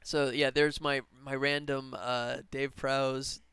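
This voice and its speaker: A man's voice: mid-range voice, little pitch movement, slow, a bit bright, smooth, no room sound. A man game developer chatting casually on a live stream while he works, rambling and laughing often. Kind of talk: casual livestream chat while working.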